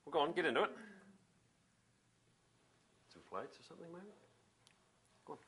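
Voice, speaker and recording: An actor with a New Zealand accent playing a blunt, swearing would-be politician who quickly gets indignant. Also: male voice, a little high, sing-song, fairly bright tone. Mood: blustering. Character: brash, blustering male would-be politician. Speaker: election candidate. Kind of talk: mockumentary acting.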